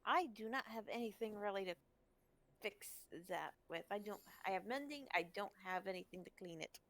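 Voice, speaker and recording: A woman playing in a tabletop game over a stream, talking through options in a practical, measured way. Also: medium pitch, animated, fairly bright tone. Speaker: player.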